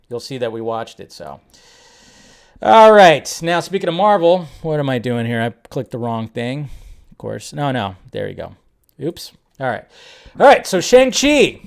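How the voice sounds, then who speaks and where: A young adult man hosting a casual film-news livestream, rambling and joking as he reacts to reviews. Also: mid-range voice. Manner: rambling, animated, jokey. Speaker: livestream host.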